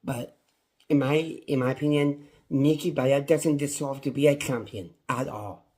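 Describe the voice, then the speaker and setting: A man's voice: medium pitch, steady tone, normal speed, a little mellow. A man reviewing a wrestling show on his own, in a passionate, repetitive rant. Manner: impassioned, ranting, repetitive. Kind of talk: casual solo review.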